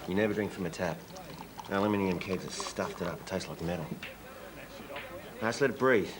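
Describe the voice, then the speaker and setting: A man's voice: low-pitched, brisk, a crowd in the background, natural voice, rough recording. A man playing a wry older Aussie pub regular. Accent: Australian. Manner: wry, teasing, laid-back. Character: older male pub regular, cocky and mentoring. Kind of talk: film drama acting.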